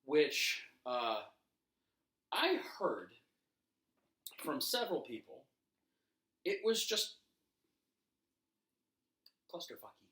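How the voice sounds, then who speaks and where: A man co-hosting a laid-back wrestling podcast. He tells stories in an animated way and laughs often. His voice is bright and forceful. It sits in an echoey room. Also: fairly high pitch, very slow, pauses often. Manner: animated, laughing storyteller, swears casually. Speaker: podcast co-host. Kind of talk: casual chat about wrestling.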